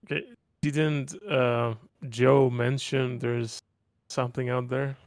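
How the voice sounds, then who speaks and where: A man playing a tabletop game, chatting casually and asking quick questions. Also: mid-range voice, flat delivery, no room sound, clean studio sound. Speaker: player.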